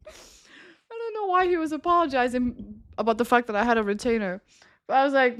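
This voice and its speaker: A woman's voice: sits high, normal speed, fairly bright tone. A young woman streamer with a slight lisp from her retainer, chatting to viewers in a rambling, giggly way. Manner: giggly, rambling storytelling with many fillers. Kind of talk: casual chat to stream viewers.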